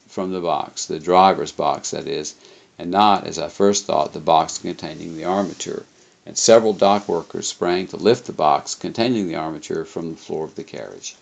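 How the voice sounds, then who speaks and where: Deep gravelly man reading aloud. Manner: unhurried, occasional slips and self-corrections.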